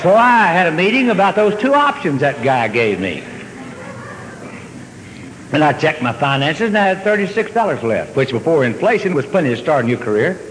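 A man telling a long comic story on stage, drawling and deadpan, then jumping up in excitement. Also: a little high, normal speed, a little hiss or hum. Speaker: comedian. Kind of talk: stand-up storytelling. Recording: hall reverb with faint ambience.

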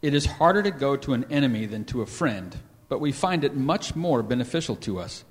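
Man, steady careful reader, mid pitch, long reverb of a hall. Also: brisk, faint music behind. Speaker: meeting participant. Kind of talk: reading a text aloud.

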